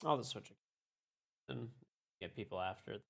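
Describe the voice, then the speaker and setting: A man's voice: fairly low pitch, moderate pace, vocal fry, a bit bright. Laid-back joking young man. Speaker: game streamer. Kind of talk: casual chat.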